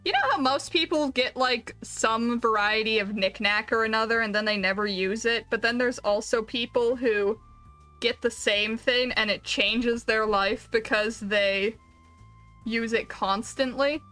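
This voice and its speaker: Rambling bright-voiced woman streamer. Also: a little high, measured pace, faint music behind. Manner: rambling, self-deprecating, jokey. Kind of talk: casual chat while gaming.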